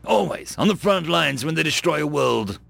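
A man's voice: a little high, lively intonation, moderate pace, gravelly, a bit bright, faint music behind, pitched above the performer's own voice, full character voice. A man voicing a hard-bitten human soldier who speaks bluntly and without pity. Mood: urgent. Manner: blunt, callous.

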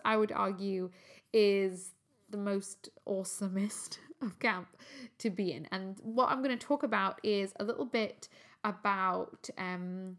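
A woman's voice: mid-range voice, a bit bright. Upbeat woman hosting a health podcast. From England. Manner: chatty, upbeat, with frequent ums. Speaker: podcast host. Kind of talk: solo health podcast chat.

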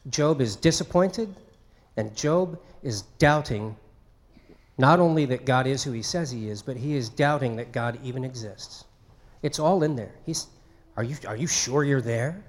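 A man preaching a sermon in a conversational way, acting out quoted speech. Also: medium pitch. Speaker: pastor.

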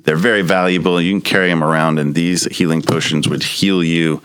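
A man narrating as game master of a tabletop role-playing game, relaxed and halting, with many fillers as he describes the scene. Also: deep voice, noisy background.

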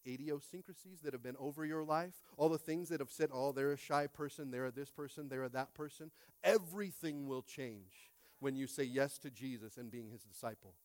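A pastor in his late thirties preaching a sermon, emphatic, swinging from quiet to loud and repeating phrases. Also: mid-range voice, brisk, hardly any pauses, no room sound.

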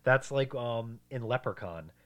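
A man's voice: mid-range voice, animated, unhurried, lo-fi sound. Man explaining movie trivia, casual. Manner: explains film trivia, swears, loud impressions. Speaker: podcast co-host. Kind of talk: casual movie recap chat.

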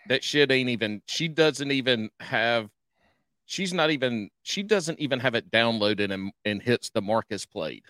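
A man co-hosting a podcast, trading teasing jokes in casual banter. His voice is bright and mid-pitched, recorded close and dry. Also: lively intonation, measured pace, no room sound. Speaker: podcast co-host. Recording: dry close-mic studio sound.

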